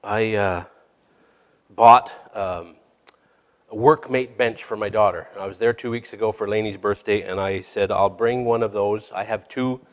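A man's voice: lowish voice, unhurried. A middle-aged man who works as a hospice chaplain, preaching a sermon in a candid, storytelling way with self-deprecating asides. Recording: long reverb of a hall.

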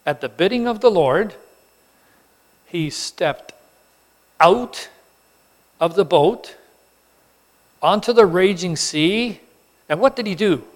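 A man preaching a sermon, telling the story with animated emphasis and acting out the characters. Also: high voice. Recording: long hall reverb.

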